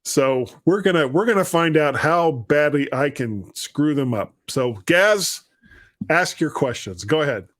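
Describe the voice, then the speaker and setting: Man with a London accent, slightly high. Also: lively intonation, unhurried, fairly bright tone. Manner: chatty, self-deprecating, stumbles into answers. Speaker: podcast host. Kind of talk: casual chat.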